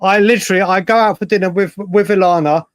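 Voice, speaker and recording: High-voiced English man, chatty and emphatic. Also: steady tone, quick pace, dry recording. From England. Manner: chatty, emphatic, repeats himself. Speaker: podcast co-host. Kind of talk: casual chat.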